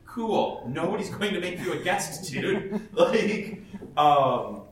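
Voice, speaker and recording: With a crowd audible behind him, a male professional cosplayer gives a panel audience casual, blunt advice, frequently laughing and starting sentences over. His high-pitched voice is sing-song and slow, heard from a distance in an echoey hall with faint ambience.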